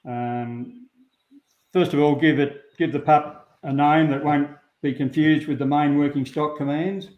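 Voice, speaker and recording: Australian man, guest sheepdog handler, slightly high voice, unhurried and plain, echoey dull recording. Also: steady tone. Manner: unhurried, plain-spoken, many ums. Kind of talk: relaxed interview talk. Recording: roomy, dull lo-fi sound.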